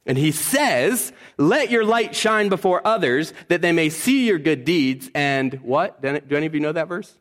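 A male pastor delivers a sermon in a relaxed, conversational way, with a voice that sits a little high for a man. He speeds up for asides, slows right down to stress a point, and keeps putting questions to the congregation. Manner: conversational preaching, animated, asks the congregation questions.

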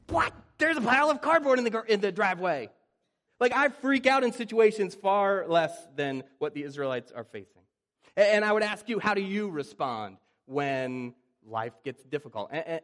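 A middle-aged man preaching a sermon as pastor, animated and conversational, often acting out panicked voices and restarting his phrases. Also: medium pitch.

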